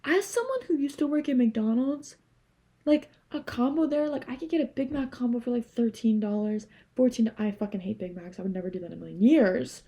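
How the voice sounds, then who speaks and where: Young woman, casual vlog monologue, animated, rambling, somewhat high, warm tone. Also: a little fast. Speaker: vlogger.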